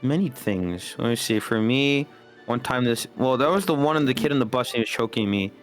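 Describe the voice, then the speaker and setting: A young man with a subtle Southern US accent, a guest chatting on a stream. He tells animated stories, acts out what he said, and jokes with mock bravado. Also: medium pitch, fairly quick, soft background music. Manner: animated storyteller, acts out quotes, jokey bravado. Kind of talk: casual chat on a stream.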